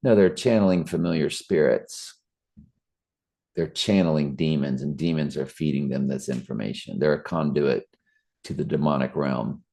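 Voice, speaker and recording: A middle-aged man who hosts a Bible study channel offers a casual spoken reflection. His voice is extremely low, creaky and warm, at a normal speed, and he comes across earnest and preachy, with fillers and restarts.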